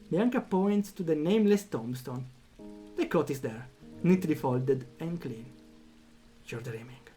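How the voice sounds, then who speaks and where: A man streaming a story game, reading the text aloud and reacting with animated commentary. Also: fairly high pitch, measured pace, soft background music. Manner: animated, reacts out loud, thinks aloud with fillers.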